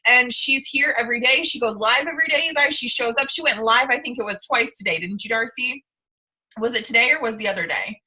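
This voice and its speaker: A woman's voice: a little high, a little fast, sharp tone, slightly rough, rough recording. A tearful woman leading her sales team call, gushing and effusive with lots of "like" and "you guys". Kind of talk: gushing motivational talk.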